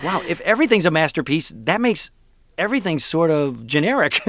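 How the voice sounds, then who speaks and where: A man's voice: fairly high pitch, big pitch swings, moderate pace, pauses often, a bit bright, no room sound. A man, a voice actor, chatting in a radio interview in a self-deprecating way with fillers and laughs. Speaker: voice actor guest.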